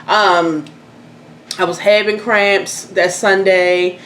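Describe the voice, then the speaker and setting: A young woman telling a personal story in casual chat, candid and animated, swearing freely. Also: mid-range voice, slow pace. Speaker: host. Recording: echoey room, faint noise.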